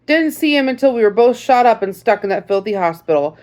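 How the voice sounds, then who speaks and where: A woman's voice: a little high, expressive, a little fast, a little mellow, natural voice. A woman voicing a folksy old male army sergeant, a wounded veteran who talks in homespun phrases. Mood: somber.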